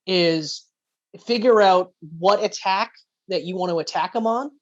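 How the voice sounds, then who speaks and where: A woman's voice: medium pitch, unhurried. Woman gaming podcaster, muffled audio. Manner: animated storyteller, swears casually. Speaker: podcast co-host. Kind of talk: casual gaming chat.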